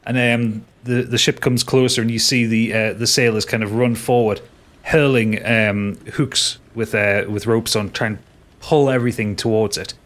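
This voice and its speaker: A man's voice: lowish voice, fairly even intonation, normal speed, a bit bright. A man narrating a tabletop game as game master, describing scenes and laughing with his players.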